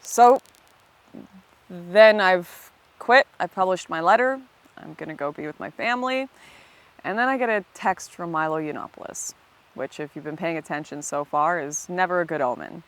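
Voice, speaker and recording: A woman's voice: lowish voice, lively intonation, normal speed. A woman, a former political activist, telling her own story in an earnest, emphatic way with frequent restarts. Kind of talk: personal storytelling monologue.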